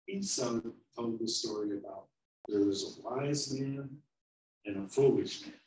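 A man telling a children's story in a sermon, slow and animated. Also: medium pitch. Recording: roomy, from far off.

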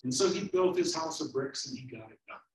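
A man telling a children's story in a sermon, slow and animated. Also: medium pitch. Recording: roomy, from far off.

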